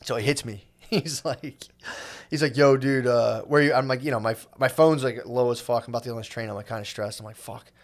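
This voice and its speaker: A man's voice: mid-range voice, steady tone, fairly quick. A man in his thirties co-hosting a podcast, telling a rambling, profane story and acting out the people in it. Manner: rambling, profane, restarts often, acts out quoted voices. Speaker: podcast co-host. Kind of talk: casual comedic storytelling.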